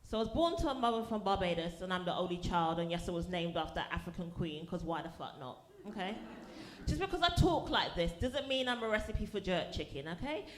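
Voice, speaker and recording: A woman's voice: on the low side, lively intonation, a little fast. A woman from performing a punchy, sassy stand-up set to a small live audience. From London. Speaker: stand-up comedian. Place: comedy venue with small audience. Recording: echoey live venue, faint noise.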